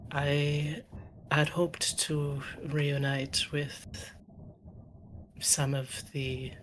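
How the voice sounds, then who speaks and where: Brief: woman as a polite, earnest adventurer, deep, unhurried, steady delivery. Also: slight background noise, exaggerated voice. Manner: measured, formal, halting. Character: formal young woman adventurer.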